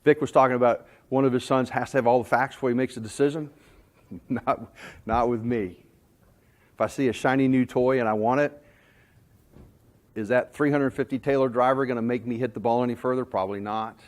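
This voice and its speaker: A man from North Carolina presenting to a sales audience. He talks in a folksy storytelling way, weaving anecdotes into his points. His voice sits at an ordinary middle pitch. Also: fairly even intonation, brisk. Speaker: sales trainer. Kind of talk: conference presentation.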